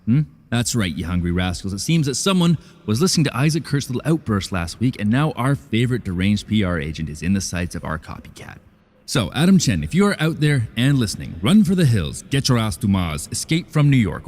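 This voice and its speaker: A man's voice: on the low side, a little mellow. An actor playing a dry, sarcastic male podcast host and journalist who loses patience with callers. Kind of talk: scripted audio drama podcast.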